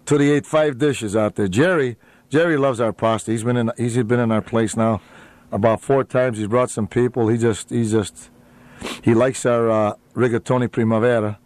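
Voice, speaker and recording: A man guesting on a radio show as a restaurant owner, with a mid-pitched voice. He talks in a rambling, easygoing way, full of fillers and small laughs. The mic is close and dry. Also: steady tone, moderate pace, no room sound. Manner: rambling, many uhs, warm laughs, restarts. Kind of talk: casual radio interview chat.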